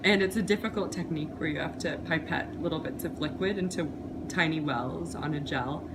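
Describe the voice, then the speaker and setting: A young woman in her twenties with a low, deep voice tells a story from her studies, growing animated as she goes. Clear noise sits under the recording. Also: a little fast. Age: 20s. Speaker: biology student. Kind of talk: recounting a personal story in an interview. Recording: noisy background.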